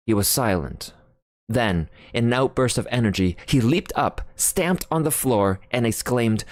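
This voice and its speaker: Woman, very deep voice, lively intonation, expressive audiobook narration, dry close recording. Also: a little slow, no echo. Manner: expressive, theatrical reading.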